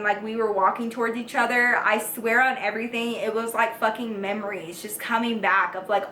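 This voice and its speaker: A woman's voice: on the high side, sharp tone, roomy sound. A woman, chatty, swearing a lot and saying "like" constantly. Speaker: YouTube storyteller. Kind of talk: casual storytime vlog.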